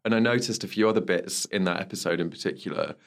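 A man's voice: low voice, fast, creaky. Chatty, laughing man podcast co-host. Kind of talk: casual chat reviewing a TV series.

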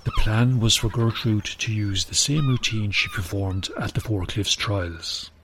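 A man narrating a children's storybook in an even, gentle manner. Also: lowish voice, a little slow, background noise.

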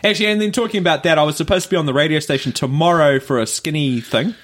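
A man's voice: fairly high pitch, very fast, a bit bright. A New man co-hosting a podcast, telling stories in a laid-back casual chat with frequent laughter. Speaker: podcast co-host.

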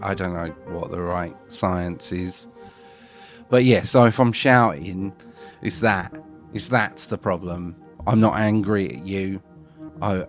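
A man hosting a podcast, chatting casually in a rambling, self-deprecating way. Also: deep voice. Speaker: podcast host. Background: music.

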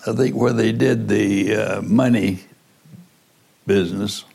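An older man, a former prosecutor, slowly recalling events in an interview, with halting pauses. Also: on the low side, steady tone, creaky, a little mellow, husky. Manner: slow, halting recollection.

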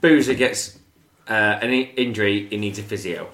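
A man's voice: fairly low pitch, moderate pace, roomy sound. A man co-hosting a podcast, telling a long anecdote in a rambling, casual way. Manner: rambling anecdote with acted quotes. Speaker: podcast co-host. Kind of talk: casual storytelling chat.

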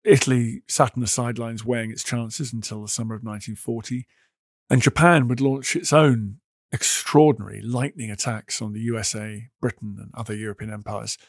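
A man hosting a podcast, telling history in a measured, emphatic storytelling manner. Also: lowish voice, dry recording, studio quality. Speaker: podcast host. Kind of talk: scripted history narration.

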